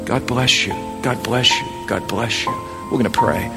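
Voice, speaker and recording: A man preaching an evangelistic sermon, swinging from impassioned near-shouts to a hushed, gentle altar call. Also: medium pitch, moderate pace, long reverb tail, loud music behind the voice.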